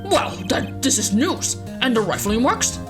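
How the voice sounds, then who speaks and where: A woman voicing a calm male defense attorney who talks in a dry, slightly pompous, composed way. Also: on the high side, a little slow, music in the background, pitched above the performer's own voice.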